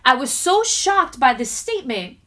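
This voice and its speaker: A woman guest on a talk show, animated as she tells a personal story and acts out quotes in a studio. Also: sits high, normal speed. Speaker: guest speaker. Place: community TV studio.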